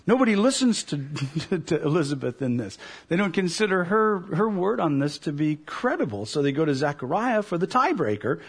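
Male pastor, tenor range with a breathy edge, preaches with lively storytelling. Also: a little high. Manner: animated storyteller, acts out voices. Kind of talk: sermon.

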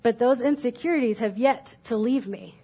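A woman's voice: on the high side, normal speed, mellow, slightly rough. A woman preaching a sermon from a church stage, reading a parable aloud and then speaking candidly and reflectively about her own doubts.

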